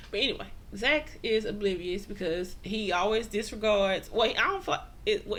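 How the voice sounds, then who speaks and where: A woman's voice: medium pitch, fairly bright tone, slight background noise. A woman giving a casual, slangy TV recap, acting out the characters' lines and laughing often. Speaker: TV recap vlogger.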